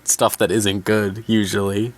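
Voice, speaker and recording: A man's voice: lowish voice, level tone, unhurried. A man co-hosting a casual podcast chat, playful and jokey. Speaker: podcast co-host.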